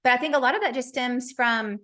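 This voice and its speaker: A woman hosting a podcast interview, telling stories in an animated, chatty way. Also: sits high, fairly quick. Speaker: podcast host. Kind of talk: casual interview chat.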